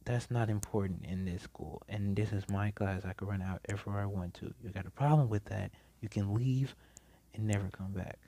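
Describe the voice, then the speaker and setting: A man's voice: on the low side, moderate pace, mellow, husky. A man voicing a stern, sleepy, blunt adult male teacher in a casually told fan story, speaking curtly and dismissively. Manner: curt and dismissive.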